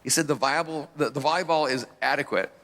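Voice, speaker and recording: A man's voice: fairly high pitch, fast talker, a bit bright, big-room sound. A man, a pastor, telling his life story as an interview guest, rambling with restarts and laughing at himself.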